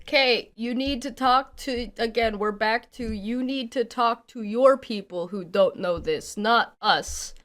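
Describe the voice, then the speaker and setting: A woman from Canada reacting to video clips in a stream, blunt and sarcastic, swearing freely and building up to angry shouting. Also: fairly high pitch, measured pace, hardly any pauses.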